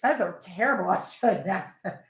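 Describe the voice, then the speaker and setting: A woman's voice: medium pitch, lively intonation, fairly quick, echoey room, noisy background. A woman hosting a casual live chat with viewers, talkative and laughing as she drinks. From Pennsylvania. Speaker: livestream host.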